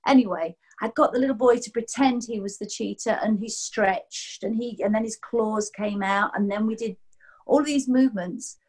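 A woman's voice: a little high, normal speed, slightly rough. A woman in her sixties, a massage therapist, telling a rambling story on a video call and acting out what people said. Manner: lively, rambling, acts out quotes in voices. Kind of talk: casual storytelling chat.

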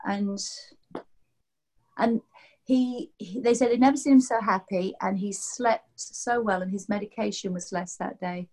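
A lively woman in her sixties, a massage therapist, rambles through a story during a casual video call, imitating people's words in character voices. Her pitch is medium and her pace is measured.

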